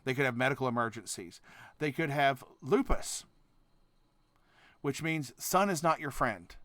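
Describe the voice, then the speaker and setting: A man hosting a reaction video, cursing and ranting as he goes, dropping to mutters and then bursting into shouts, often trailing off and restarting his sentences. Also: medium pitch, lively intonation, measured pace, no room sound. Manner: profane, ranting, swings between mutters and shouts. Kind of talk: casual reaction commentary.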